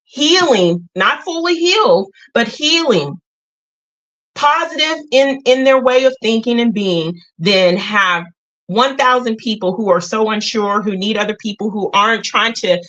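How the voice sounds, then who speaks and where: A woman's voice: mid-range voice, fairly bright tone, highs cut off. A middle-aged woman hosting a casual livestream. She talks straight to her viewers, earnest and emotional. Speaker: livestream host.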